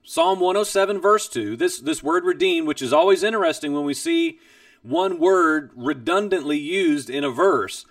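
Male Bible teacher, earnest and emphatic, gravelly high voice, dry distant sound. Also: very animated, normal speed, a bit bright, no room sound. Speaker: Bible teacher and program host. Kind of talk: personal testimony teaching.

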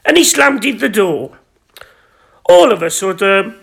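Very high-voiced crude podcaster. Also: male voice, a little slow, creaky, fairly bright tone, husky. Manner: rambling, crude, self-important. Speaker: podcast host. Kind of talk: deadpan comic reading of his own erotic story.

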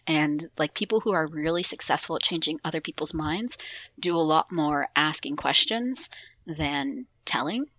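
Bright-voiced woman co-host, chatty. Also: low-pitched, moderate pace. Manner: animated storyteller, hesitant restarts. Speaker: podcast co-host, parent. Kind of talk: casual chat.

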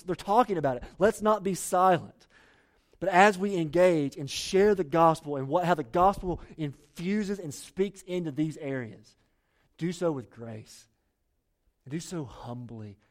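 Earnest preaching man, fairly high voice. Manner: earnest, urgent preaching with many restarts and repeated phrases. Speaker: pastor. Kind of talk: sermon.

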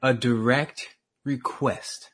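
A man co-hosting a casual talk show, animated and slangy, often trailing off and restarting. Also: medium pitch, takes it slowly. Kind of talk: casual chat.

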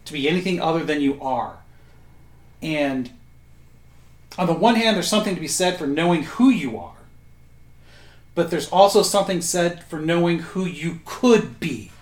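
A man co-hosting a casual podcast discussion, making quick witty quips. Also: fairly high pitch, animated. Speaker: podcast co-host. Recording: roomy echo.

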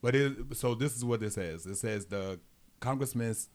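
A man's voice: mid-range voice, moderate pace, a little mellow. A man co-hosting a casual podcast, explaining news stories in a blunt, profane way. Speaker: podcast co-host.

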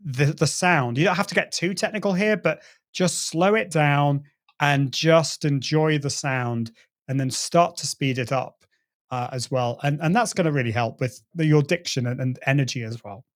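A man's voice: on the high side, normal speed. A middle-aged man, a guest on an interview show, explaining voice and presenting technique and demonstrating sounds as he goes. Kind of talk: conversational interview.

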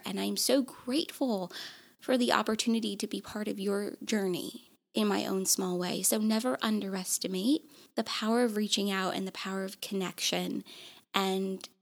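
Podcast host, woman, gravelly and teary, earnest solo talk. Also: mid-range voice. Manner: emotional, close to tears, earnest. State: tearful. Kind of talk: heartfelt solo podcast monologue.

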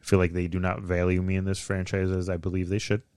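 Deep-voiced man with blunt sarcasm. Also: monotone, fast, a little mellow, clean tone, dry recording, clean studio sound. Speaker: podcast co-host. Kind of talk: casual sports podcast chat.

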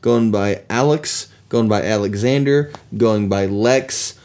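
A man's voice: fairly low pitch, takes it slowly, a little mellow. Playful joking man hosting a podcast. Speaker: podcast host. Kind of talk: casual chat with his son.

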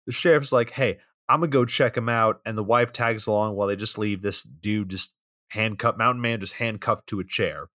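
Man, podcast co-host, casual plot recap, deadpan, matter-of-fact, dry recording. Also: lowish voice, moderate pace, no room sound.

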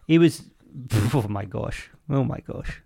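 A man, co-hosting a podcast in relaxed, wry casual chat. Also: medium pitch, slow, vocal fry, breathy edge, no room sound, studio quality. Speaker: podcast co-host.

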